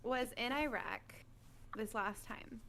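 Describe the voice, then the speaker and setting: A woman in the military, telling a long, animated story in casual chat over online voice chat. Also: on the high side, slow, a little hiss or hum. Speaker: military service member. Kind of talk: casual chat on a game stream.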